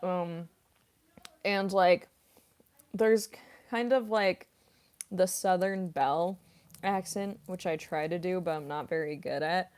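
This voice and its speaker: A young woman voice actress chats with her livestream viewers in an unhurried, easygoing way, pausing often on ums and likes. She reads chat messages aloud between bites of chips. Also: fairly low pitch, darkish tone, smooth. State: eating chips while talking.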